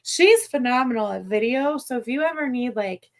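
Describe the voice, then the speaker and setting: A woman with a Midwestern American accent hosting a podcast, chatting in an excited, rambling way and correcting herself as she goes. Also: fairly high pitch, moderate pace. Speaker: podcast host. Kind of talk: casual chat.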